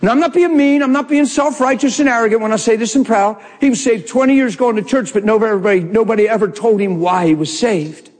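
Animated man preaching in a reverberant hall. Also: sits high, a little fast, hardly any pauses. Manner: animated, laughing, folksy storyteller. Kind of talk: storytelling sermon.

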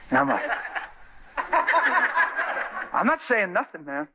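A man's voice: sits high, sing-song, slow pace, long pauses, bright, forceful tone, a little hiss or hum. A man preaching a sermon, telling stories animatedly and acting out the people in them. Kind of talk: sermon with storytelling.

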